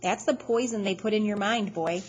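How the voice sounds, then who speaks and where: A woman voicing a cold, menacing man who speaks quietly to a boy. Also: medium pitch, normal speed, a little hiss or hum, lightly acted, poor audio. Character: cold menacing adult male killer.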